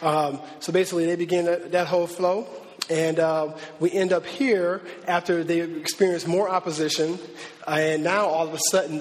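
High-voiced preacher in a reverberant hall. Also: male voice, moderate pace, slight background noise. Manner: animated, informal, many fillers and restarts. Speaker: pastor. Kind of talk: conversational sermon.

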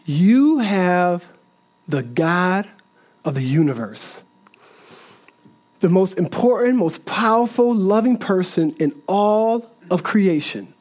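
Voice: mid-range voice, lively intonation, takes it slowly, a little mellow. A pastor preaching a sermon earnestly, repeating phrases and building in bursts.

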